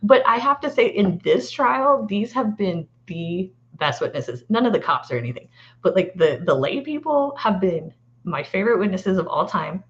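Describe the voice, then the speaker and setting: An excitable woman lawyer chatting as a guest, her pitch swinging up and down as she talks. She laughs readily, and the sound is a bit dull and lo-fi. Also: normal speed. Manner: animated, laughs often, excitable. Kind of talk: casual chat.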